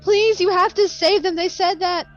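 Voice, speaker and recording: A woman's voice: steady tone, normal speed, muffled recording, faint music behind. A woman doing a sobbing, frantic fairy. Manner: high, tearful pleading. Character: panicked young female fairy, sobbing.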